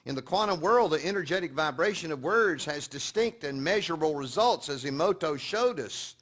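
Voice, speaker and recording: A man giving a sermon-style teaching to an audience, telling stories and moving between quiet, hushed passages and loud, emphatic points. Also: fairly high pitch, animated, moderate pace. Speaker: speaker teaching a session.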